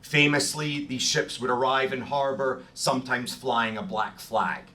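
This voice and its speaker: Lecturing a group on history, a man from Scotland, with a Scottish accent, speaks in a bright, forceful voice of medium pitch, steady and unhurried. He pokes fun at himself and fills his talk with ums and restarts. A distant mic picks him up in a room with faint background noise.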